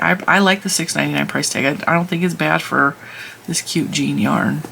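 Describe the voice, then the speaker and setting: Gravelly-voiced chatty yarn vlogger woman. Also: sits low, fairly bright tone, slight background noise, low-quality recording. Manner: chatty, rambling, laughs at herself. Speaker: knitting and crochet channel host. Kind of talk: casual yarn review while knitting.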